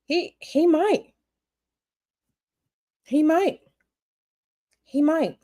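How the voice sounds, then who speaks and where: A woman reading tarot on a livestream, answering viewer questions in a blunt, animated, repetitive way. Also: high-pitched, extremely slow. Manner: blunt, animated, repeats herself. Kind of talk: casual livestream chat.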